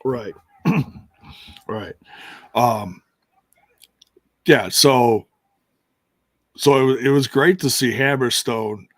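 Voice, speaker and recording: A man's voice: medium pitch, extremely slow, long pauses, dry recording. A man co-hosting a podcast, chatting casually and jokingly about wrestling. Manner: chatty, jokey, laughs often. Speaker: podcast co-host. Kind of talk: casual wrestling recap chat.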